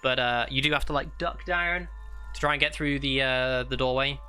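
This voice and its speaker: A man's voice: medium pitch, fairly even intonation, moderate pace, bright, forceful tone, a little hiss or hum. A man narrating a tabletop game as game master in a rambling, casual way, full of "like" and "uh". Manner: rambling, with many "like"s and "uh"s. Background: fantasy ambience music.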